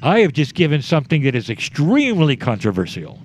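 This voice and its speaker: A man giving a spiritual talk to a group, slow and deliberate, letting his voice drop low at the ends of phrases. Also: wildly swooping pitch, slight background noise. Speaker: spiritual speaker.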